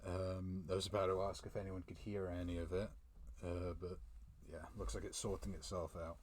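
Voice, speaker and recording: Man, very low voice, loose chatty reviewer who laughs a lot, home mic. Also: flat delivery, normal speed, darkish tone, a little hiss or hum. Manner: chatty, chuckles often, reads dialogue aloud. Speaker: manga reviewer. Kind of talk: casual live reaction. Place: room at home. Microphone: desk mic.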